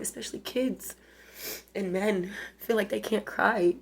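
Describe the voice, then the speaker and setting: Tearful, halting woman in her forties. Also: mid-range voice, vocal fry, husky. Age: 40s. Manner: emotional, halting, with many restarts. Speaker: vlogger. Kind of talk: personal confessional monologue.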